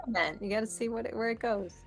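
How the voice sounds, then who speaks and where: A woman on a live stream, chiming in with quick supportive reactions. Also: a little high, creaky. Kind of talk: casual live-stream chat.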